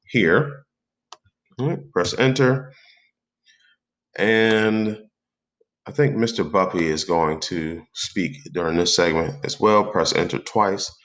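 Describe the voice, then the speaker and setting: Very low, slow-talking man. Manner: relaxed, talks through each step aloud. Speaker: tutorial host. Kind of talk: screen-recorded software tutorial.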